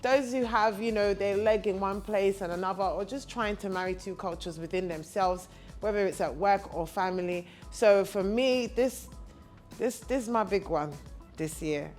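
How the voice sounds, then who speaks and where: A woman's voice: medium pitch, normal speed, darkish tone, faint music behind. A woman hosting a podcast, speaking casually and with feeling to the camera. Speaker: podcast host.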